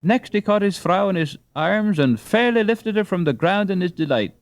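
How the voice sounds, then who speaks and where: Man narrating an audiobook, animated storytelling, lively varied pitch, dry close mic. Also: normal speed, hardly any pauses, no room sound. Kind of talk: reading a classic novel aloud.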